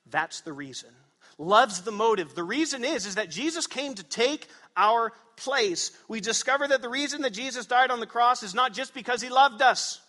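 A man's voice: high voice, pushed and bright, long reverb tail. A man preaching a sermon as pastor to his congregation, emphatic, asking them questions. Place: church sanctuary.

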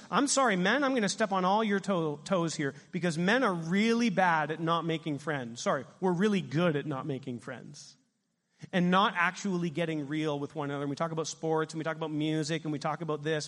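Middle-aged male pastor, lively preacher who quizzes the congregation; high pitch, reverberant church hall. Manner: animated preaching, asks the congregation questions. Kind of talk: sermon.

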